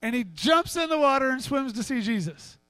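A man's voice: extremely high pitch, moderate pace, clear, resonant tone, no echo. A man preaching a sermon as pastor, chatting and joking with the congregation and acting out Bible scenes. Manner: acts out Bible dialogue in a raised, animated voice.

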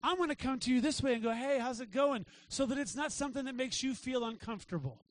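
High-voiced conversational male preacher. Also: lively intonation, fast talker, dry recording. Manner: conversational preaching with frequent "right?" asides. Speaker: pastor. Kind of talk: sermon. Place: church sanctuary.

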